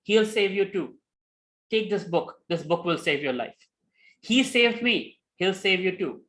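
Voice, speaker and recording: A man's voice: high-pitched, lively intonation, a little slow, sharp tone, voice pushed up, exaggerated voice. A man doing an earnest humble former street man. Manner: earnest, repetitive pleading.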